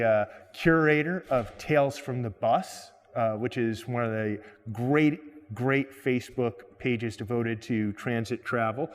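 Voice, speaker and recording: A man introduces his guest on location at a street corner, friendly and halting with frequent fillers. His voice is mid-pitched, with a long reverb behind it. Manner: friendly, hesitant with many fillers. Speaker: host.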